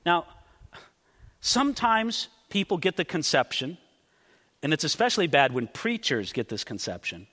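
A man preaching a sermon from a pulpit, emphatic and deliberate, stressing and repeating his key points. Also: a little high, sing-song, a bit bright, big-room sound. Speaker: pastor.

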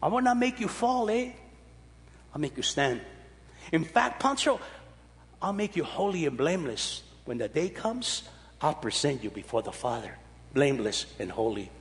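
A man's voice: a little high, sing-song, moderate pace, big-room sound. A man voicing God, speaking tender promises to a believer.

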